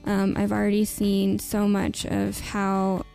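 A woman's voice: mid-range voice, completely flat delivery, takes it slowly, creaky, soft background music. A woman hosting a podcast, asking questions and affirming her guest. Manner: warm, affirming interviewer. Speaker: podcast host. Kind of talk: casual interview.

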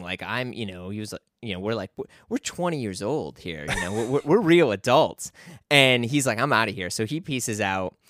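A man's voice: on the low side, fairly bright tone, no room sound, clean studio sound. A young man talking casually as a podcast guest, telling a rambling story full of fillers and restarts.

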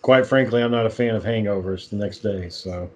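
A man's voice: fairly low pitch, brisk, a little mellow. A young adult man co-hosting a casual chat, rambling through stories and swearing freely. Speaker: podcast co-host.

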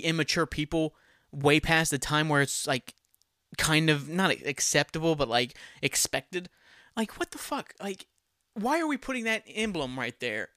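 A man's voice: on the high side, sharp tone, no room sound, studio quality. Blunt, profane male podcast host. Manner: profane, blunt, laughs at own jokes. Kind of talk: casual solo podcast rant.

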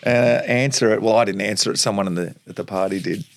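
A middle-aged man from Tasmania with an Australian accent, telling animated stories as a podcast guest, acting out quoted voices and laughing often. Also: fairly low pitch, fast talker, no room sound, clean studio sound. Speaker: guest, former footballer. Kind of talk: storytelling interview.

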